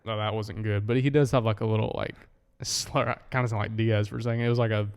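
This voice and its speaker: A man with a fairly low voice trades easygoing, agreeable remarks in a casual podcast chat. He often chimes in with a quick yeah or mm-hmm. A long reverb trails his voice, as if he is in a large, echoey room. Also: steady tone, smooth. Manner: easygoing, agreeable, frequent short backchannels. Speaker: podcast co-host.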